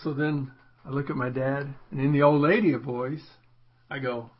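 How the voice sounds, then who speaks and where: On a talk show, a man casually tells a rambling anecdote, often restarting and interrupting his own sentences and putting on voices for the people in it. His voice is medium in pitch, flat, and moderately paced, with the high frequencies cut off.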